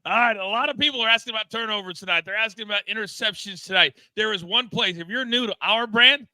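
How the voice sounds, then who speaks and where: A man's voice: high-pitched, fast talker, sharp tone, no echo, rough recording. A man hosting a live sports betting stream, teasing his co-hosts and hyping up segments. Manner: playful, teasing banter and hype promos. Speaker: sports betting show host.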